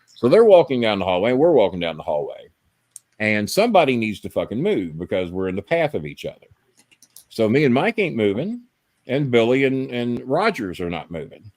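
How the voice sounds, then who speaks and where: With a mid-range voice and a slightly fast delivery, a male podcast host tells long, rambling, profane stories. The recording has no echo, and the live-stream storytelling is casual and animated.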